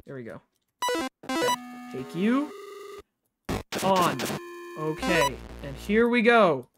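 Exasperated streamer, heavy swearing, mutters then yells, music clearly playing underneath. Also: mid-range voice, sing-song, slow pace. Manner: frustrated, swears a lot, talks to self and chat; swings from muttering to sudden loud outbursts. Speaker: livestreamer. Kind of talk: live gameplay commentary.

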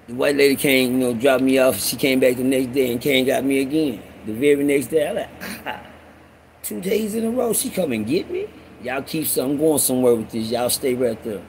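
A man's voice: mid-range voice, slight background noise, poor audio. A man with a Texas accent telling a rambling, streetwise story to his listeners, cursing often and calling them y'all. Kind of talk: casual storytelling monologue.

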